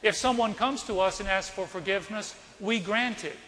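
A man's voice: high-pitched, moderate pace, pushed and bright. A man from North Carolina, a priest, preaching a sermon in a church and telling a personal story in a conversational way, asking the congregation questions. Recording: reverberant church hall.

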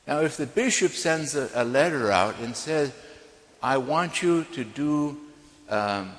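A man, possibly an Orthodox priest, giving an informal teaching talk in an emphatic, animated way and often checking in with "okay". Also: mid-range voice, unhurried. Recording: long reverb of a large hall.

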